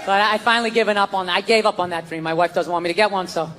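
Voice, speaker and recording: A middle-aged man doing a stand-up rant, profane and exasperated, often shouting. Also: sits high, little pitch movement, rapid-fire. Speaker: stand-up comedian. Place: large theater on stage. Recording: live show, roomy echo, loud crowd laughter. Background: audience laughter.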